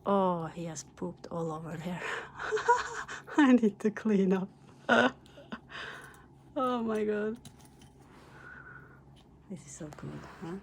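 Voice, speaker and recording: A woman's voice: mid-range voice, slow, pauses often, a little hiss or hum. A middle-aged Norwegian woman with a Norwegian accent, hosting a pet channel and chatting casually with her dogs and viewers, praising and coaxing them with frequent laughs.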